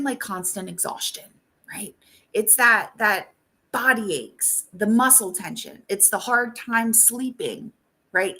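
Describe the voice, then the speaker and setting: A woman's voice: mid-range voice, bright, forceful tone. A woman life coach hosting a talk show, speaking casually and bluntly, swearing freely and checking in with "right?" after most points.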